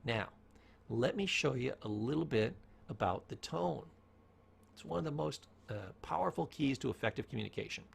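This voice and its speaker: Man, motivational speaker, raspy fry in the voice, storytelling, rhetorical questions. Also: medium pitch, expressive, moderate pace. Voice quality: gravelly, husky voice. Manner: storytelling, asks rhetorical questions, varies tone for emphasis. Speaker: speaker on communication. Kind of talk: motivational talk.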